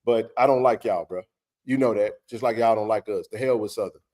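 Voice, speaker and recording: A man's voice: fairly low pitch, brisk, darkish tone. A man hosting a sports talk stream, ranting bluntly in casual, profane talk. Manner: heated, blunt ranting with frequent swearing.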